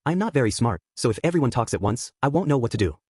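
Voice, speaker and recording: A male narrator voicing a woman cult leader who smothers everyone in sugary apologies and politeness. Her voice is husky and brisk, recorded dry and close. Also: mid-range voice, very animated, a little mellow, no room sound. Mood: polite. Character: falsely polite female cult leader, unsettling.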